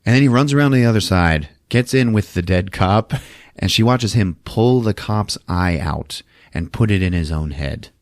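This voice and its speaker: A man hosting a podcast, recapping a movie with animated storytelling and frequent laughs. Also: on the low side, moderate pace, dry recording, studio quality. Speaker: podcast host.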